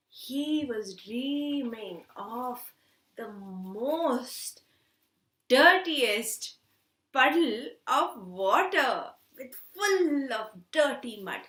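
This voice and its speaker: Woman, children's storyteller, high voice, slow, lively, roomy. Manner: animated, asks children questions. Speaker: storytelling teacher.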